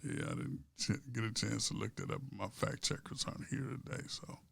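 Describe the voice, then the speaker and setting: Man, podcast co-host, pastor, rough gravelly voice, dry close sound, storyteller. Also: fairly low pitch, brisk, no room sound. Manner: storytelling, builds to loud animated punchlines. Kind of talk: casual sports and politics chat.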